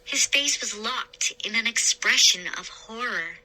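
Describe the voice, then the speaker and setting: A woman narrating a spooky children's story aloud in a slow, expressive reading. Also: fairly high pitch, rough recording. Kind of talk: scary story read-aloud.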